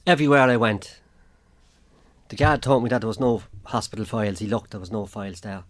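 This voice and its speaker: A man's voice: lowish voice, a little fast. An Irish man giving a plain spoken account as an interview guest, acting out what others said to him. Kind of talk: personal account in a radio interview.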